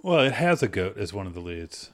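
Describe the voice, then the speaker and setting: Deadpan young man joking about films. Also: low-pitched, a little fast. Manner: dry, deadpan jokes and contrarian quips. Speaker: podcast co-host. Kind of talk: casual chat about a film.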